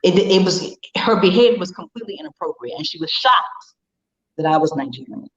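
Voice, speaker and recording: A woman telling a story as an interview guest, lively and emphatic, often tossing in rhetorical questions. Her voice sits a little low for a woman. The recording sounds dull and lo-fi. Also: fairly quick. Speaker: public relations professional, interview guest.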